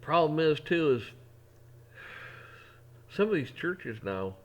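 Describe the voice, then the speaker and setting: A man's voice: fairly high pitch, big pitch swings, takes it slowly. A middle-aged man talking in a casual, folksy way, rambling through an opinion monologue with frequent restarts. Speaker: vlogger.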